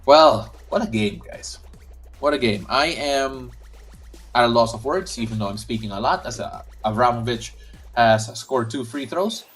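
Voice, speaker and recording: A man's voice: mid-range voice, moderate pace, fairly bright tone. Casual male stream host, mid-range voice, chats between calls of the play, light music bed. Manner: chatty, reads viewer comments aloud, frequent restarts. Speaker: host of a live watch-along stream. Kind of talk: casual play-by-play and chat reading.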